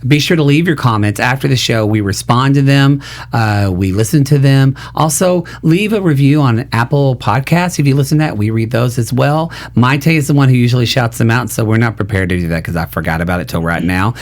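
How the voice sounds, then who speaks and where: A man's voice: medium pitch, fairly quick. A man hosting a casual after-show panel, chatty and playful, reading viewer comments and joking with his guests. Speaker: host.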